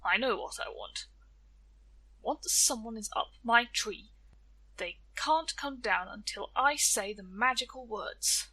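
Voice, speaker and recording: A woman's voice: fairly high pitch, slow pace, bright, forceful tone, husky, heavily acted, low-quality recording. Woman voicing a proud old village woman. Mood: eager.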